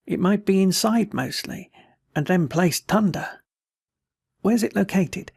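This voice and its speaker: A man's voice: high-pitched, measured pace, vocal fry, a little mellow, husky, dry recording, clean studio sound, pitched above the performer's own voice, exaggerated voice. A man voicing a wounded, tattered male soldier who rambles in a folksy, slurred, way. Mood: worried. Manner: folksy, pleading, words slurred.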